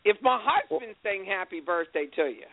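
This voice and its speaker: Sex: woman. Role: phone-in caller. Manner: chatty, affectionate, lively pitch. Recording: tinny phone line. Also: moderate pace, no room sound. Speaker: caller, friend of the host. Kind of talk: casual phone chat.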